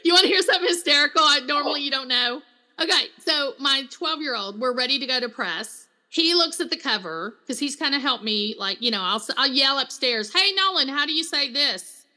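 A middle-aged woman, a counselor and author, chatting as an interview guest and telling stories with lively quoted voices. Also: high voice, brisk. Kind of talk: casual interview chat.

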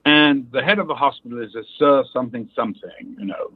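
A man's voice: mid-range voice, fairly quick, husky, no echo. A man from England, an actor, telling anecdotes in an interview and imitating the people in his stories. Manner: storytelling, mimics voices in quotes. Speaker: actor guest. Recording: tinny phone-like line.

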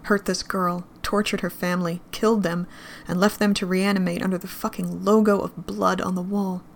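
Gravelly woman reading a dark story. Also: fairly low pitch, flat delivery, normal speed, slight background noise. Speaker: narrator. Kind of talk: reading fan fiction aloud.

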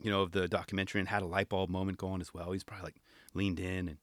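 A man hosting a podcast in casual, rambling chat, animated and self-deprecating. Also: deep voice, racing, no echo. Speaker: podcast host.

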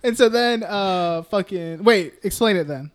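A young man co-hosting a casual film podcast, recapping scenes, swearing freely and acting out characters in quick voices. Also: high-pitched, animated, clear, resonant tone. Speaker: podcast co-host.

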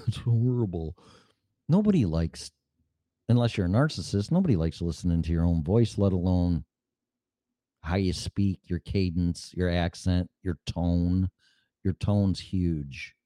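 Hosting his podcast solo, this middle-aged guy rambles along in a casual, profane way. He sits low in pitch with a mellow tone and a measured pace, recorded cleanly in a studio through a mic and mixer without any echo.

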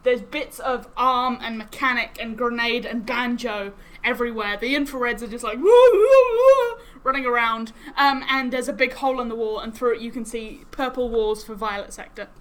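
High, bright woman as game master. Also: fairly quick, hardly any pauses, rough recording. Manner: lively, laughing often. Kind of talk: narrating a tabletop game.

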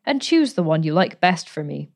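A woman reading a storybook, voicing a charming, playful gentleman who speaks in a breezy, teasing, pleasant way. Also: low voice, sing-song, normal speed, creaky, exaggerated voice. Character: charming, playful gentleman adventurer, adult man.

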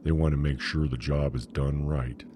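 A grim male starship captain in a sci-fi audiobook, giving orders quietly and firmly, in the reader's own very deep voice. He sounds resigned and in command. A faint hiss sits under the voice. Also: fairly even intonation, moderate pace.

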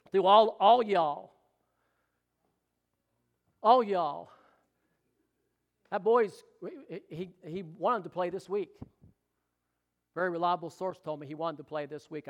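A middle-aged pastor with a drawl preaches in a fairly high voice. He calls out for amens and teases people in the pews between points. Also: a bit bright. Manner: exclamatory, calls for amens and jokes with the congregation. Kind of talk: sermon.

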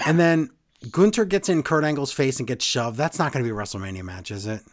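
A man's voice: mid-range voice, brisk. A man co-hosting a casual chat, retelling a show in detail and briefly mimicking the people he quotes. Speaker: podcast co-host recapping wrestling.

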